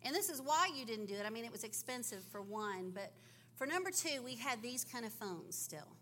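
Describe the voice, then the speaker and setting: A woman who grew up in Africa, telling a lively story in a church sermon for children, acting out the voices. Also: fairly high pitch, brisk, a little hiss or hum. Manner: animated storytelling with acted-out voices. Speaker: teacher and preacher.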